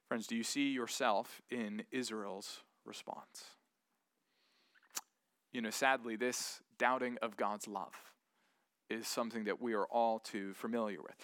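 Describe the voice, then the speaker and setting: Earnest, bright-voiced male preacher. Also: on the high side, no echo, clean studio sound. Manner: earnest, animated, acts out doubting voices. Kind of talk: sermon.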